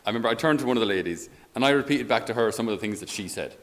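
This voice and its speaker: An Irish man speaking as a priest in a conversational homily. He is a lively storyteller who often chuckles as he talks. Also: medium pitch, very fast, slight background noise. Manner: animated storyteller, chuckles while talking.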